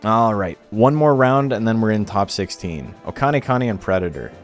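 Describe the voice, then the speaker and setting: A man's voice: on the low side, expressive, moderate pace, soft background music. A man streaming a game tournament, chatting casually and rambling in a laid-back way, swearing now and then.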